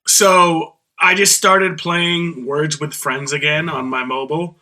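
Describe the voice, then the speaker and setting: A man's voice: on the high side, steady tone, takes it slowly, pushed and bright. A man co-hosting a podcast who tells jokey, profane anecdotes in casual chat. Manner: joking, profane anecdote teller. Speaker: podcast co-host.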